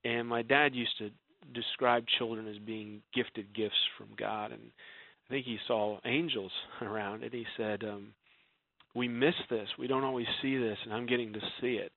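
A man guest telling an emotional personal story in an earnest way, his voice dropping soft when he quotes others. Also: medium pitch, steady tone, moderate pace, creaky, dry recording. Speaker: guest author. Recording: dry, phone-like narrow sound.

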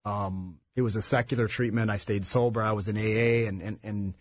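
A man as a radio studio guest, telling his recovery story in a halting way with many restarts. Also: fairly low pitch, fairly even intonation, no echo, highs cut off. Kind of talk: personal recovery testimony.

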